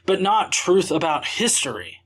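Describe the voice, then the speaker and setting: A man's voice: sits high, very animated, moderate pace, fairly bright tone, husky. Blunt man arguing casually. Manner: argumentative, blunt, swears casually. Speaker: host. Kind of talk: casual commentary rebuttal.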